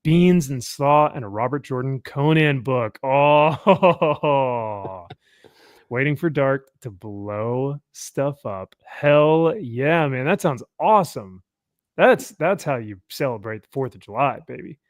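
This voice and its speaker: A man's voice: mid-range voice, expressive, takes it slowly, dry recording, studio quality. Joking young man hosting a livestream. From California. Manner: jokey, laughs often, reads viewer comments aloud. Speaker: livestream host. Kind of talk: casual chat.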